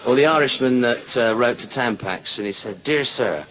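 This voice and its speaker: Bawdy stand-up comic. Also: male voice, mid-range voice, fairly quick, a crowd in the background, rough recording. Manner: bawdy joke-telling with "you see" asides. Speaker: stand-up comedian. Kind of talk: live stand-up comedy.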